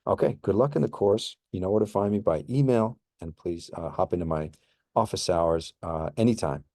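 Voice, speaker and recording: A male history professor talks through a recorded course introduction in a low, mellow voice. He is relaxed and unhurried, full of ums and restarts, and the sound is dry and close to the mic. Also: no echo. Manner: relaxed, many fillers and restarts.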